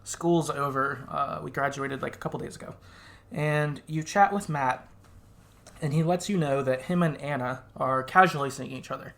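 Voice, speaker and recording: A man's voice: medium pitch, moderate pace. Chatty man recapping a game. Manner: relaxed and chatty, acts out quoted lines, laughs often. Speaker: podcast co-host. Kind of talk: casual chat recapping a game playthrough.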